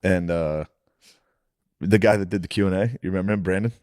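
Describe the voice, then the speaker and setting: Crude, low-voiced man telling stories. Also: fairly even intonation, a little fast, a little mellow, clear, resonant tone, dry recording, clean studio sound. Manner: crude, storytelling with acted quotes. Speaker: podcast co-host. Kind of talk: casual comedic chat.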